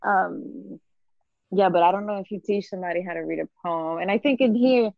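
A woman's voice: medium pitch, brisk, creaky, dry recording, muffled recording. A woman hosting a podcast, chatting casually with a friend and reading a poem aloud, laughing often. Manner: laughs often, fillers and restarts. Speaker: podcast host. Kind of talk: casual chat and poetry reading.

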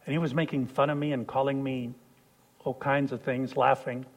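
A man preaching a sermon, telling a personal story and swinging from hushed lines to loud shouts. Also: medium pitch, little pitch movement, normal speed.

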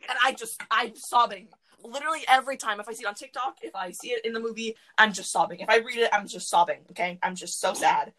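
A woman hosting a podcast from her closet, chatting casually and rambling excitedly with lots of fillers. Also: fairly high pitch, fast talker, hardly any pauses, a little hiss or hum, low-quality recording. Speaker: podcast host. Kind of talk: casual chat.

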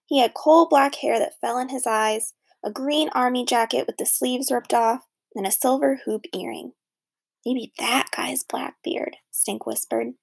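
A woman narrating a children's storybook in a lively, expressive reading. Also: high voice, normal speed, vocal fry, hardly any pauses, slightly rough. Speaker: audiobook narrator.

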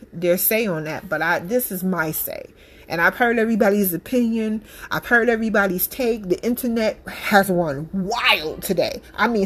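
A woman, a mother, giving her opinion in a casual monologue, emphatic and blunt, repeating her points with passion. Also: mid-range voice. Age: adult parent.

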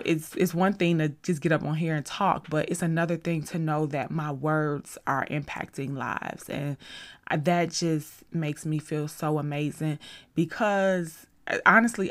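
A woman's voice: sits low, steady tone, moderate pace. A woman hosting a faith-based podcast, talking at a studio mic in a chatty, rambling, effusive way. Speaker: podcast host.

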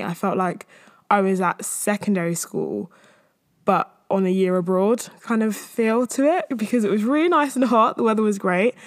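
Chatty young woman, breathless. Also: mid-range voice. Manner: rambling and chatty, with frequent fillers and laughs. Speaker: podcast host. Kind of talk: casual solo chat.

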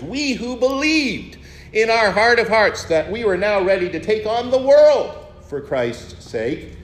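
A man in his sixties, a pastor, preaching a sermon with expressive storytelling, rhetorical questions and wry humor. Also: high voice, reverberant. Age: 60s.

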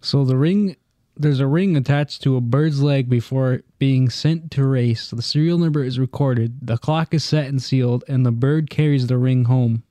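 A man's voice: mid-range voice, normal speed, no echo. A man co-hosting a casual podcast, swearing freely and reading facts aloud in a plain reading tone. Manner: profane, reads facts aloud in a flat reading tone. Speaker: podcast co-host. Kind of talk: casual chat.

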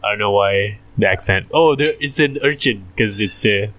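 A man's voice: fairly low pitch, moderate pace, fairly bright tone. A man co-hosting a podcast in casual chat, rambling and jokey, laughing often. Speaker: podcast co-host.

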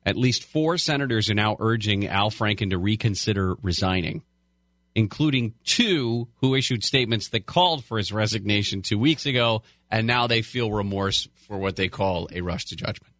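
A man's voice: fairly low pitch, moderate pace, fairly bright tone, no room sound, clean studio sound. A man co-hosting a talk radio show, rambling with hesitant asides. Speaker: radio co-host.

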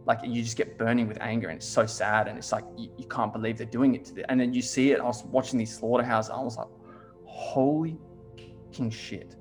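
A man's voice: mid-range voice, quick pace, hardly any pauses, faint music behind. Swearing man, casual chat. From Australia. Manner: swears a lot, heavy use of "like", animated storytelling.

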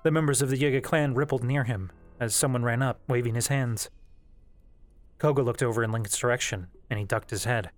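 A man narrating a fan novel as an audiobook in a steady, measured storytelling voice. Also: medium pitch, dry recording. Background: faint background music.

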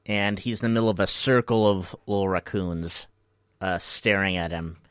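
A man co-hosting a comedy podcast, retelling a surreal episode in a deadpan, storytelling way. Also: sits low, normal speed, smooth, no room sound, clean studio sound. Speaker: podcast co-host. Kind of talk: casual comedic recap chat.

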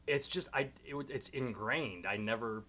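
A man's voice: mid-range voice, a little slow, bright, forceful tone. A man hosting a casual podcast, a comedian talking in a rambling, self-deprecating way with fillers.

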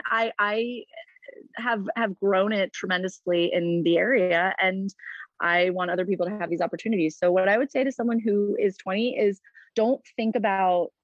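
A woman's voice: mid-range voice, no echo. A woman speaks in a casual interview, earnest and chatty, her speech full of fillers. The sound is dry and close. It is also a little dull and muffled. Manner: chatty, earnest, many fillers like "like" and "you know". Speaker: interview guest, postpartum doula business founder.

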